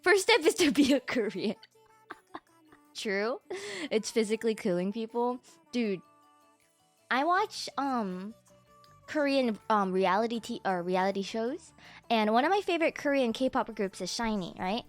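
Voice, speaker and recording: A woman streamer chats casually with her viewers in a bright, high voice. She is animated and excitable and swears without a second thought. Quiet music plays in the background. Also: unhurried. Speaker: livestreamer. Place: home streaming setup.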